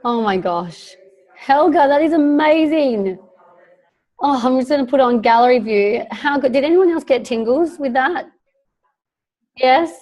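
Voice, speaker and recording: A woman leading a video call, chatty and gushing with excitement. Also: high-pitched, measured pace, pauses often. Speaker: team leader hosting a video call. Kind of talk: casual video call chat.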